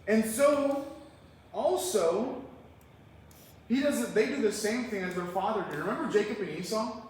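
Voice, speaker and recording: A man's voice: high-pitched, lively intonation, measured pace, darkish tone. A man preaching a verse-by-verse sermon as pastor, talking conversationally and asking the congregation rhetorical questions. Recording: echoey hall, mic far off.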